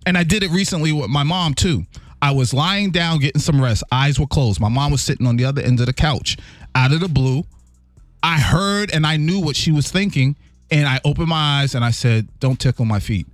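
Brief: lively male radio co-host, slightly high voice, earnest storyteller, dry studio mic. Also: brisk, no echo, soft background music. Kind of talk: casual chat, storytelling.

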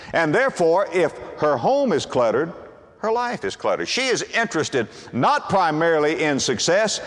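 An older man preaching a sermon in a folksy way, acting out what husbands and wives say to each other. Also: on the high side. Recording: long hall reverb.

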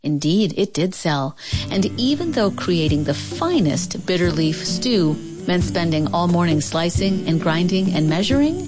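Woman narrating a storybook, low and measured. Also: big pitch swings, over music. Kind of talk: storybook read-aloud narration.

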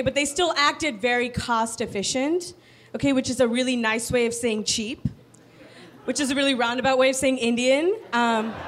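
A young woman from Virginia doing a stand-up comedy set, dry and sarcastic with quick asides. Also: sits high. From Virginia, United States. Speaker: stand-up comic.

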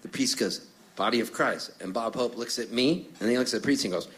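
A man's voice: mid-range voice, fast. A middle-aged man from Canada, a singer-songwriter telling stories between songs on stage, chatty and jokey, acting out the voices of people in his tales. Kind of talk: storytelling stage banter.

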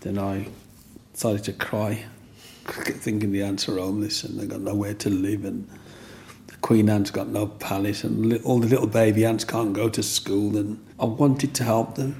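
A man's voice: lowish voice, flat delivery, normal speed, gravelly, darkish tone, a little hiss or hum. An older man telling his own story in a rambling, restart-filled way, as an interviewee. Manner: rambling, with restarts and "you know what I mean".

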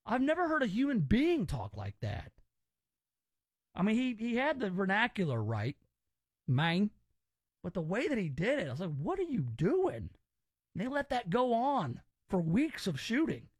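A man's voice: very high-pitched, very animated, moderate pace, pauses often, no room sound, studio quality. Memphis guy hosting a radio talk show, voice jumps all over the place, rambly and opinionated. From Memphis, Tennessee, US. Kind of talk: casual talk radio chat.

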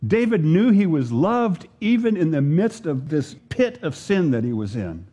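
A male pastor delivers a sermon in an unhurried, earnest way, with long dramatic pauses. His voice is warm and mellow and sits a little high for a man. He stresses each scripture line slowly. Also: big pitch swings, husky. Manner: earnest, slow preaching with dramatic pauses and emphatic scripture readings.

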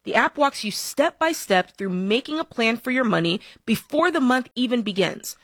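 A woman's voice: fairly high pitch, expressive, normal speed, dry recording, studio quality. A woman reading a radio ad in an upbeat, chatty, friendly way. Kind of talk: friendly conversational ad read.

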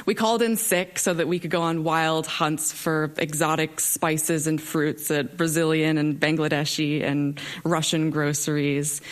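A young woman telling a wry personal story to a live audience from a stage, with expressive delivery. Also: deep voice. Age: young adult.

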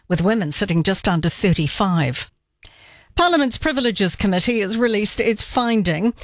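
A woman reading a radio news bulletin, measured and crisp. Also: medium pitch, dry recording, clean studio sound. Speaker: newsreader.

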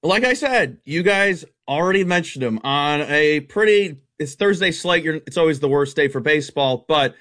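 A man as a sports betting analyst guest on a radio show, rattling off stats in a blunt, animated way. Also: fairly high pitch, no echo. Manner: fast, blunt, stat-heavy, animated. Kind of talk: casual radio sports talk.

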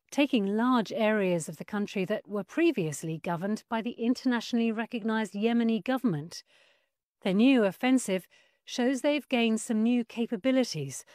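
A woman's voice: medium pitch, a little mellow, no echo, studio quality. A woman presenting the news, reading formal scripted links between reports.

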